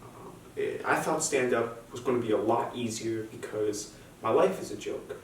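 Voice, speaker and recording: A man's voice: medium pitch, normal speed. A young man doing a stand-up set, self-deprecating and hesitant, with frequent restarts. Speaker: stand-up comic. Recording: very echoey room, distant mic, faint hum.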